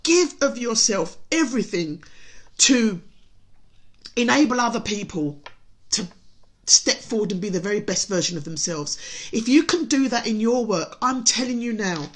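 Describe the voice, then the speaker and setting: A woman, a hypnotherapist, giving an earnest motivational broadcast while emotional and near tears, often stumbling and restarting her sentences. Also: fairly high pitch.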